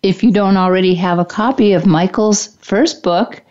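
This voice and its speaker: A woman's voice: medium pitch, normal speed, a little mellow, muffled recording. A woman hosting a radio show, chiming in with friendly conversational remarks.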